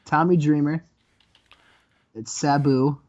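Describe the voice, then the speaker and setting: A man hosting comedic let's-play commentary, telling the story in an animated way and laughing often. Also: a little high, slow, highs cut off. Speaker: host.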